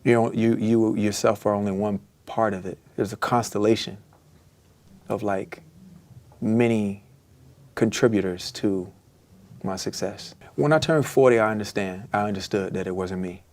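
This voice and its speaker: A man's voice: lowish voice, steady tone, normal speed, a little mellow. A man in his forties talking reflectively in an interview, grateful, with many fillers.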